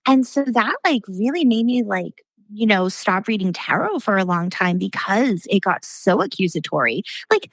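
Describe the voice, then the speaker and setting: A woman's voice: medium pitch, expressive, normal speed, hardly any pauses, dry recording, rough recording. A woman guest on a podcast in casual chat, talking in an earnest, thoughtful way with a lot of "like". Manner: earnest, thoughtful, many fillers like "like".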